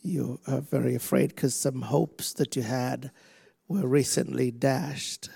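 Gravelly preacher praying prophetically. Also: male voice, mid-range voice, steady tone. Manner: slow, emphatic, shouts commands at spirits then softens to near whispers. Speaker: preacher praying over people. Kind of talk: prophetic ministry and prayer.

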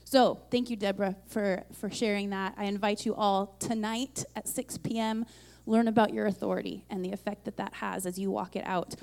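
A woman church leader giving energetic, encouraging announcements to the congregation. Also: mid-range voice, normal speed, creaky.

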